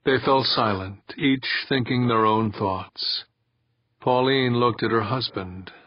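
A man narrating an audiobook in a calm, measured way. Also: medium pitch, breathy edge, no echo, muffled recording. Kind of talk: scripted narration.

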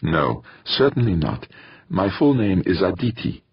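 A man's voice: sits low, big pitch swings, a little slow, breathy edge, dry recording, dull audio, voice pushed up, full character voice. A man voicing a shy, polite teenage Indian girl with a lilting Indian accent in an audiobook. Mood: amused.

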